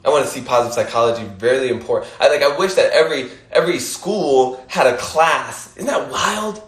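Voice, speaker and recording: A man hosts an Instagram Live, giving a casual motivational monologue in an echoey room. His medium-pitched voice moves fairly quickly, and he's emphatic, swears casually, laughs often, and repeats his points.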